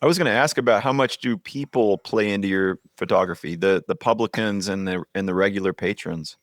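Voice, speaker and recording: A man co-hosting a podcast who asks his question quickly and stumbles a little. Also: fairly low pitch, no echo, studio quality. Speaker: podcast co-host. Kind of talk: casual interview chat.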